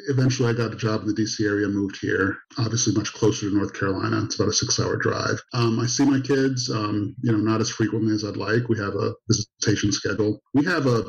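A man calmly recounting his divorce and co-parenting in a casual podcast chat. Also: on the low side, creaky. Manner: steady, measured storytelling. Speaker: divorced father and guest. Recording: slightly dull recording.

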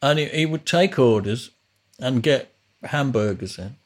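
A man's voice: medium pitch, animated, measured pace. A man hosting a podcast, telling rambling, casual stories about his early life as a musician. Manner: rambling, with frequent restarts. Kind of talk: casual storytelling.

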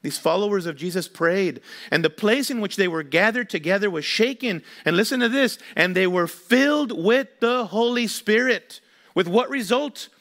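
High-voiced man preaching a sermon. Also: expressive, moderate pace, a bit bright. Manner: emphatic preaching with rhetorical questions. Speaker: pastor.

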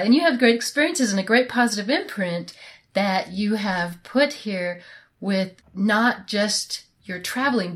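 A woman's voice: mid-range voice, fairly bright tone. A woman hosting a podcast interview, upbeat and emphatic, who laughs often. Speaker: podcast host.

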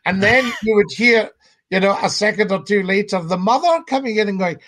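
Man, high voice, animated storyteller, mimics callers. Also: a little fast. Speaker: former radio phone-in host. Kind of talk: interview anecdotes.

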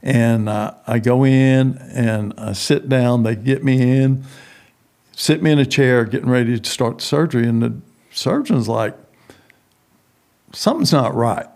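A man's voice: medium pitch, a little slow, a little mellow. A middle-aged man, a prison ministry founder, telling a personal story in an interview and acting out the voices of the people in it.

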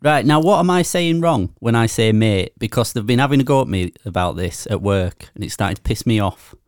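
A man's voice: mid-range voice, animated, brisk, a little mellow, clear, resonant tone, no room sound, clean studio sound. A man with a Yorkshire accent, co-hosting a podcast in casual chat, sweary and grumbling. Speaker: podcast co-host.

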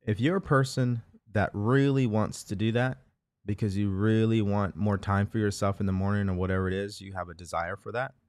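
A man's voice: lowish voice, darkish tone, dry recording, clean studio sound. A man hosting a motivational live show, talking earnestly and repeating phrases as he coaches listeners. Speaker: host.

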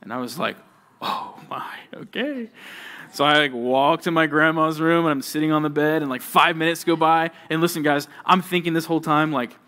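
A male youth pastor preaching to junior high students, telling stories with animation and talking straight to his listeners. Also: a little fast, few pauses. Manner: animated storytelling, addresses listeners directly.

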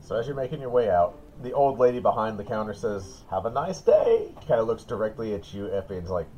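A man narrating as dungeon master in a relaxed, descriptive way. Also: lowish voice, fast, faint music behind, low-quality recording. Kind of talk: narrating a tabletop game.

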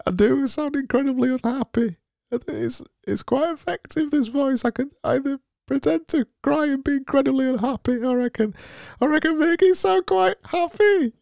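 A man voicing a forced-cheerful grinning man in a strained falsetto, as if smiling too hard. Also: fairly even intonation, normal speed, vocal fry, few pauses, no room sound, clean studio sound.

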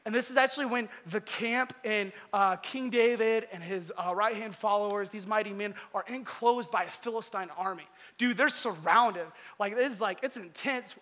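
A man preaches in a relaxed, slangy storytelling manner. His voice is high and bright, and it rings out with a long hall reverb. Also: moderate pace, hardly any pauses. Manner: animated, slangy. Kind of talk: casual storytelling sermon.

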